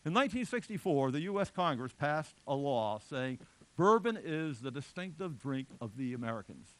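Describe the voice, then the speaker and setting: A man's voice: on the high side, sing-song, moderate pace. A middle-aged man giving a public lecture in a chatty, digressive way with joking asides.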